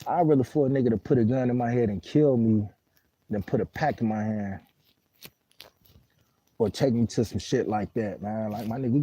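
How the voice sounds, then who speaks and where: Husky, very dark-voiced man telling a story live. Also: on the low side, rough recording. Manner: loose and rambling, heavy street slang and cursing. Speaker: livestream host. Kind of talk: casual storytelling on a live stream, answering viewer comments.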